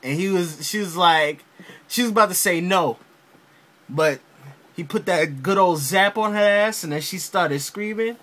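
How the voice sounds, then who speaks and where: An excitable man reviews a game as if he were telling it to friends, swearing freely and acting out his own reactions as he goes. His voice sits high for a man and has a bright, sharp edge. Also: measured pace. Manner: animated storyteller, heavy slang and swearing, acts out his reactions. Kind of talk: casual, profane video review.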